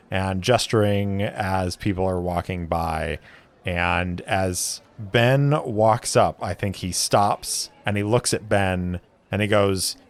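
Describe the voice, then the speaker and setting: A man's voice: low voice, slow pace. A man narrating a solo tabletop game as game master, thinking aloud as he rolls.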